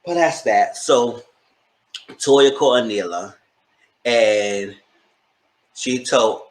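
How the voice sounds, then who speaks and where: A man giving a casual, opinionated recap of a reality TV episode, acting out what the cast said in quick high voices. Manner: chatty, opinionated, acts out quotes in high voices. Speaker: TV show reviewer. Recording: echoey room.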